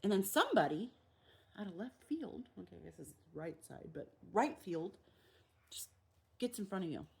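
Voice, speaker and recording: A woman's voice: on the low side, vocal fry. A woman, hosting a casual recovery reflection and acting out the quoted voices in her examples. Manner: animated, acts out quoted voices. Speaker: recovery meditation host.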